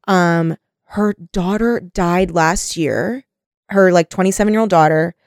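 A young adult woman co-hosting a podcast, talking in an animated, chatty way and saying "like" often. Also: lowish voice, measured pace, dry recording, studio quality. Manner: chatty and animated, heavy use of "like". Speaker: podcast co-host. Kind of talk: casual chat.

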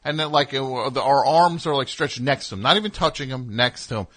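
A man's voice: medium pitch, brisk, fairly bright tone. A man hosting a radio show, telling a story in a casual, rambling way with wry asides in the studio.

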